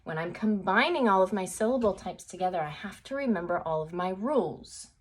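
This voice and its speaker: A woman's voice: medium pitch, expressive, a little fast, husky. A woman teaching a phonics lesson to young children, sing-song and encouraging, often checking in with an okay. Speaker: second grade teacher.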